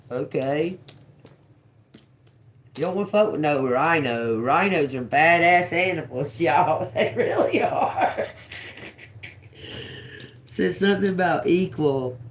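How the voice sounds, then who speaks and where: Very slow, gravelly woman musing aloud. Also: on the low side. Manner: slow, musing, repeats words as she reads them out; casual, swears and laughs to viewers. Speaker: tarot reader. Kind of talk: live-stream tarot reading.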